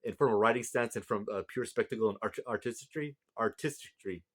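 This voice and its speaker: A man's voice: fairly low pitch, fairly quick, fairly bright tone. A tired man recapping a manga chapter in a casual, rambling way with many fillers and restarts. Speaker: manga reviewer.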